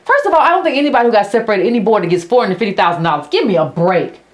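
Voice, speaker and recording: A woman's voice: mid-range voice, expressive, racing. A woman hosting a political commentary monologue who speaks bluntly and sarcastically. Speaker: host of a political commentary channel.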